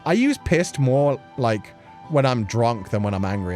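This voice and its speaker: A man's voice: medium pitch, very animated, normal speed, a little mellow, faint music behind. Playful, laughing man streaming. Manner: chatty and playful, laughing often between thoughts; answers viewer chat questions. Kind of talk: casual livestream chat. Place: at home.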